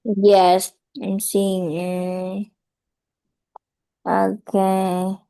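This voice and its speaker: A woman's voice: medium pitch, monotone, drawn-out words, vocal fry, dark tone. A woman, tutoring English over a video call and giving patient, corrective feedback. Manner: patient, corrective, repeats "okay?" often. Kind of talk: feedback in an online speaking lesson.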